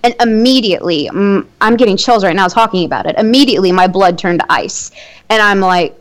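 A woman's voice: mid-range voice, lively intonation, moderate pace. Chatty woman telling a spooky story. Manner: chatty, many fillers, nervous little laughs. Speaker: guest telling a personal ghost story. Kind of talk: conversational storytelling in an interview.

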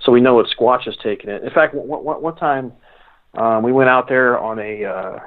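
A male guest telling stories in a rambling, halting way, often restarting his sentences. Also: mid-range voice. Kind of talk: casual storytelling. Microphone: phone call. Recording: phone line.

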